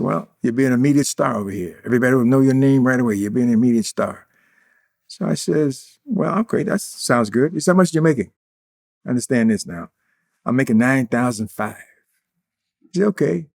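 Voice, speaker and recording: A man's voice: mid-range voice, a little fast, vocal fry, darkish tone. Boastful older man telling stories. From Indiana, USA. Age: 80s. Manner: boastful, acts out quoted dialogue. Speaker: interview guest. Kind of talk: casual interview storytelling.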